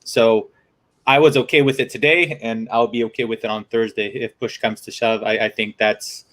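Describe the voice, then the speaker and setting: A man's voice: medium pitch, fairly even intonation, moderate pace, a bit bright. A man calling into a fan podcast's open mic, laying out his points one by one in casual chat. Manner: methodical, lists points.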